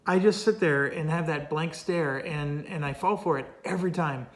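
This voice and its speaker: A man's voice: a little high, normal speed. A man casually talking through a solo board game playthrough as the channel host, explaining rules step by step and drifting into wry, good-humored rants.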